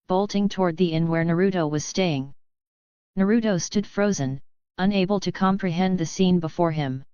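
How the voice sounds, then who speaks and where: A woman narrating an audiobook in a steady, even reading manner. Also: fairly low pitch, clear, resonant tone, no echo, lo-fi sound.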